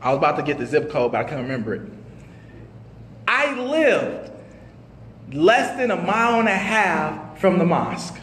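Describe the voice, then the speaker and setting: A man giving a testimony sermon at a mosque, telling his story with animated, slangy storytelling. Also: fairly high pitch, normal speed, pauses often, slight background noise. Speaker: minister. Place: mosque hall. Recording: echoey hall with long reverb.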